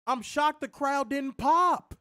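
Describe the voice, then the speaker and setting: A man's voice: very high voice, slow pace, pushed and bright, dry recording, clean studio sound. A man with a Chicago accent hosting a casual wrestling review show, ranting and swearing in heated bursts. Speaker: podcast host.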